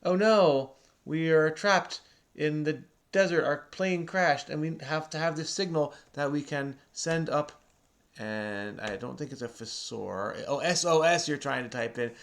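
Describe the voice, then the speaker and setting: A man's voice: fairly high pitch, a little slow, vocal fry. A man hosting a crossword video, patiently and chattily explaining the clues to a child who does the typing. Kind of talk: casual explaining to a kid while solving.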